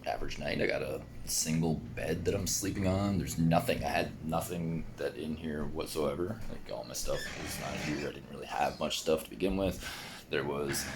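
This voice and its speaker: A man's voice: a bass voice, noisy background. A man telling a rambling, casual story about his own experience, swearing and laughing often. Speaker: vlogger recounting an experience. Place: apartment bedroom.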